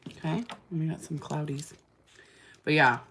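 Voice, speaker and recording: A woman's voice: sits low, unhurried, very noisy. A woman in her thirties telling a story to chat viewers while doing her makeup, dramatic and swearing casually. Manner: animated, exaggerated storyteller who swears casually. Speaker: livestream host doing makeup.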